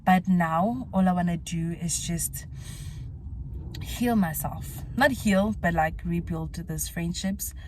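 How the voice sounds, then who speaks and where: Slow, reflective young woman. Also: on the low side, slight background noise. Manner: slow, reflective and candid, with filler words. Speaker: vlogger. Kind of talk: talking to camera in a vlog.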